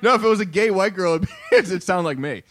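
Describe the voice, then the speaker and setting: A man's voice: high voice, lively intonation, quick pace, fairly bright tone, slight background noise. A man, a guest comedian in casual chat, laid-back and joking. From Andover, Massachusetts. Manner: laid-back, joking, says dude a lot.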